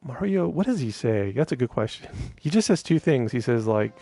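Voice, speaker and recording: Gravelly-voiced man rambling on a stream. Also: medium pitch, very animated, normal speed, dark tone, no room sound. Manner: rambling, laughs often, many fillers and restarts. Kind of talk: casual live-stream chat.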